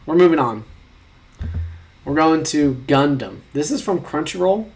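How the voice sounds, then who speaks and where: A man's voice: fairly high pitch, expressive, measured pace, long pauses. A man in his twenties who reads quiz questions aloud and talks through his answers in a casual, joking way, with some casual swearing. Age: 20s. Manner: mock-exasperated, with casual swearing. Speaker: vlogger taking online quizzes. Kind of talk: casual commentary.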